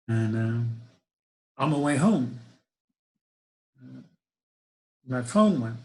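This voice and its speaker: A man's voice: medium pitch, animated, drawn-out words, darkish tone, poor audio. Man, middle-aged, storytelling, wry and reflective, hesitant restarts. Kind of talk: first-person spoken storytelling.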